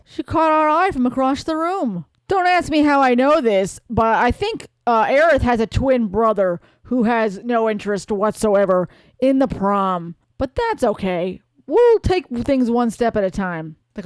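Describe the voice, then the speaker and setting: A woman's voice: fairly high pitch, expressive, moderate pace, no room sound. A woman hosting a life-sim let's play, chatting casually with a wry, playful manner. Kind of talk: casual gameplay commentary.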